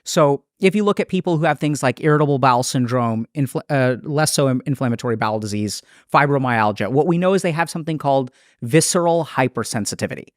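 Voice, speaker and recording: A man's voice: medium pitch, no room sound, clean studio sound. Explanatory man in a podcast interview. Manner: explanatory, thoughtful, quick restarts. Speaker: psychiatrist.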